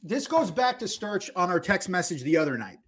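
A man co-hosts a sports podcast, teasing his friend bluntly and cursing freely. His voice sits high and jumps around with lively animation. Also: brisk, breathy edge. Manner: blunt, ribbing, profane. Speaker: podcast co-host. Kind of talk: casual sports chat.

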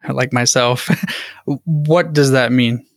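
A man's voice: mid-range voice, steady tone, takes it slowly, no echo, studio quality. A young man hosting a podcast, asking a question in a casual, hesitant way. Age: young adult. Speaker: podcast host. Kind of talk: interview question.

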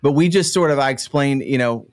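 A man's voice: mid-range voice, brisk. A middle-aged man hosting a casual podcast chat, talkative and self-deprecating, with frequent fillers. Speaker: podcast host.

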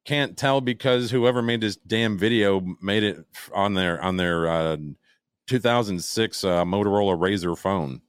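An older man with a very low, deep voice talks through a casual podcast chat, trailing off and restarting his sentences. The sound is close and dry, with no room around it. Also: smooth, dry recording. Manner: rambling, halting, full of fillers and restarts. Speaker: podcast co-host.

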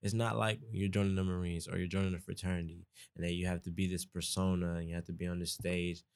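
A man's voice: deep voice, little pitch movement, fast, clean tone. A young man with a Southern Georgia accent, talking casually as a podcast guest, rambling and restarting his sentences. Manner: rambling, restarts often, folksy. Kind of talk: casual conversation.

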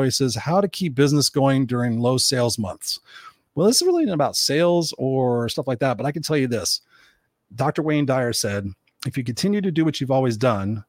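A man in his fifties hosting an unscripted livestream. He reads out viewer comments and answers them in a blunt, energetic, rambling way, swearing freely. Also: medium pitch, no echo, studio quality. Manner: rambling, with many restarts and fillers. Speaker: motivational speaker and show host.

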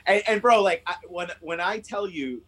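A man telling a story in casual chat, animated and swearing, acting out what people said. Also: normal speed, rough recording. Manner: animated, swearing, acts out quotes with rising pitch.

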